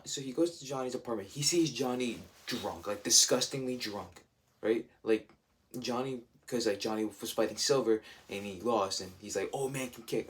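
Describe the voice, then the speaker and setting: A man's voice: fairly low pitch, a bit bright. A man giving a casual spoiler review, enthusiastic and rambling, full of fillers. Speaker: show reviewer.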